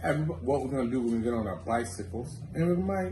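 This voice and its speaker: A man's voice: fairly high pitch, quick pace, echoey room, loud music behind the voice. A man chatting playfully while tasting food on camera, laid-back with casual slang. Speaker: co-host.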